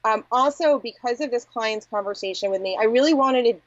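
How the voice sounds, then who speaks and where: A woman's voice: fairly high pitch, a little fast, no echo. A woman talks candidly and reflectively as an interview guest, her speech filled with "like" and "you know". The recording is dry and close, with a slightly dull, muffled tone. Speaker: agency founder, podcast guest. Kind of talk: conversational interview.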